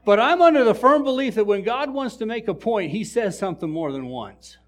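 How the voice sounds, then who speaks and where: A man's voice: high-pitched, brisk. A male pastor preaching a sermon, telling funny stories and joking with his congregation. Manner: animated storytelling preacher, jokes with the congregation. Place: church.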